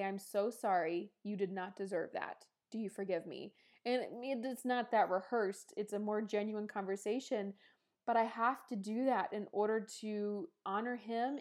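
A woman's voice: medium pitch, darkish tone. A woman in her thirties hosting a podcast, answering listener questions in an earnest, rambling and emotional way. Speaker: podcast host. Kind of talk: casual listener Q&A monologue.

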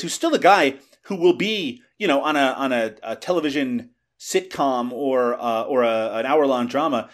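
A man co-hosting a casual movie review podcast, talking with frequent fillers and restarts. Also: medium pitch. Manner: hesitant, lots of fillers and restarts. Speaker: podcast co-host.

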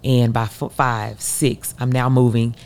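A woman in her thirties from the United States, an Olympic hurdler telling a race story as an interview guest, acting out quotes with sudden leaps in pitch. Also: measured pace, noisy background. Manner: animated, acts out her own voice and others in quotes. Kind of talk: emotional storytelling.

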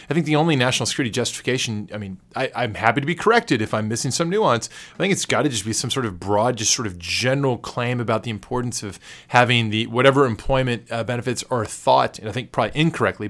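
A man's voice: medium pitch, fairly bright tone. A man co-hosting a podcast, talking through national security law in a casual, analytical way, with many fillers and self-corrections. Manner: analytical, measured legal commentary. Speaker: podcast co-host.

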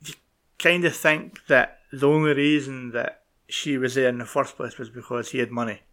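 A man's voice: medium pitch, fairly even intonation, moderate pace, a bit bright. A young man in casual film chat as podcast co-host, laid-back and sweary.

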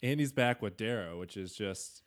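Woman with a super low voice on a book podcast, chill, laughs a lot, explains stuff. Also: moderate pace. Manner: relaxed, laughs often, explains things. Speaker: podcast co-host. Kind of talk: casual book discussion.

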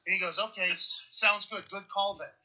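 Animated, cursing man telling a story. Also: sits high, normal speed, highs cut off. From Pittsburgh, USA. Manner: animated, profane, gets loud at the punchlines. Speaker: podcast guest telling a football story. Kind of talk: casual storytelling.

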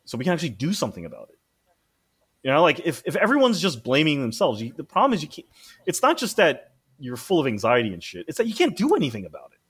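Man, casual storyteller, husky voice, lively swooping pitch, swears, acts out quotes. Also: quick pace. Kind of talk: casual chat.

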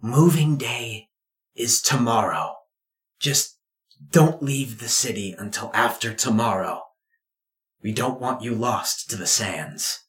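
A man's voice: a little high, very animated, a little slow, gravelly, voice pushed up, exaggerated voice. A fretful lizardfolk mother, as a man puts her on, anxious and doting, in a voice pushed well above his own. The sound is roomy, with an echo around it. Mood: hushed. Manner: fretful, tender.

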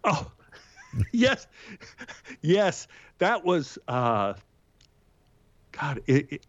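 A man's voice: no room sound, muffled recording. A man, an actor, telling anecdotes as a guest and lifting his voice for punchlines. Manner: lively raconteur, jumps pitch for punchlines and quotes. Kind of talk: anecdotal storytelling.

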